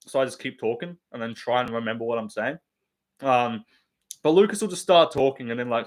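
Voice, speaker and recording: A young man rambling casually and profanely on a live stream, laughing often and reading chat. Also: medium pitch.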